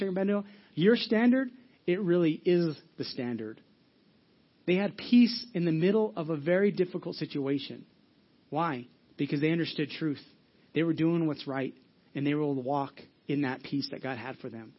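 A man's voice: a little high, normal speed, lo-fi sound. A man preaching a sermon in an earnest, conversational way, asking the congregation questions and answering them. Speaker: pastor.

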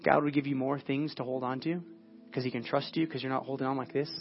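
Guy preaching a sermon, earnest, goes quiet and prayerful a lot, muffled lo-fi audio. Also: medium pitch, steady tone, fast. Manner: earnest, often dropping to a hushed, prayerful tone. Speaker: pastor. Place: church service.

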